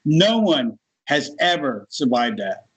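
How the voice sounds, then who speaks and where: A middle-aged American man telling a personal story in a casual, animated interview. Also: fairly high pitch, takes it slowly, husky, rough recording. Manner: animated, laughs while telling. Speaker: guest.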